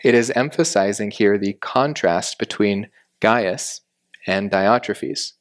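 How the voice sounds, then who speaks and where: A man with a lowish voice leads a Bible lesson, explaining each verse step by step. His delivery is measured and deliberate, and he slows down on the words he wants to stress. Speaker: Bible teacher.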